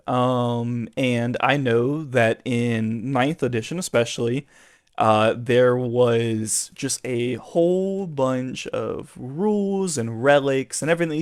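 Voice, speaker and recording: Chatty male podcast host. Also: medium pitch. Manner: relaxed, chatty, with fillers. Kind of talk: casual chat.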